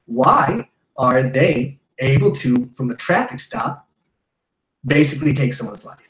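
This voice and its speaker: A man's voice: medium pitch, big pitch swings, unhurried, a bit bright, echoey room, rough recording. A man on a podcast ranting casually, heated and profane, rambling with restarts. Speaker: podcast host. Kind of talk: casual rant.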